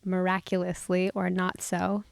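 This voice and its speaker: Candid woman with a gravelly edge. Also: on the low side, monotone, unhurried, dry recording. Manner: open and reflective, shifting between soft and emphatic. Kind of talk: candid personal storytelling.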